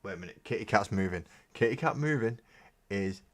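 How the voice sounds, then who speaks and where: Rambling, jokey man with low voice. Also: animated, a little fast. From Britain. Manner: rambling, jokey, swears casually. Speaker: streaming hobby host. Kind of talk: casual live-stream chat while painting miniatures.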